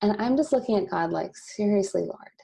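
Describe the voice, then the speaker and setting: A woman in her thirties, a company founder and podcast guest, telling a candid personal story with bursts of laughter and animated asides. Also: medium pitch, brisk, creaky. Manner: emotional, laughs often, quotes God in animated asides.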